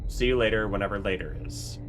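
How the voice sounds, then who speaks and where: A man's voice: on the low side, fast, a bit bright, faint music behind. A man giving casual let's play commentary, rambling and correcting himself mid-sentence with chatty asides.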